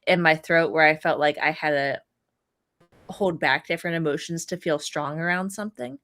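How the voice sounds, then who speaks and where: Podcast guest: woman with a very low voice, reflective, lots of ums. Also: normal speed. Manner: thoughtful, frequent ums and soft laughs. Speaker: guest, Reiki practitioner. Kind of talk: casual podcast conversation.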